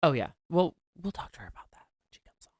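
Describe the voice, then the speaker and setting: A man's voice: on the high side, sing-song, fast, a little mellow, no echo, clean studio sound. An American man from West Virginia hosting a podcast in casual chat, gushing and theatrical. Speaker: podcast host.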